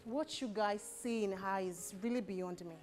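A woman's voice: medium pitch, a little slow, a little mellow, faint music behind, close to an everyday voice. An actress playing a protective woman who scolds sharply in a drama. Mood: scolding. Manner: confrontational, scolding. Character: protective woman scolding over her brother.

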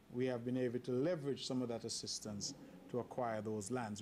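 A government leader speaks at a press event in a measured, official way. His voice sits at a middle pitch for a man. There is a faint ambient murmur under his careful phrasing. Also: darkish tone, slight background noise. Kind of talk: formal press remarks.

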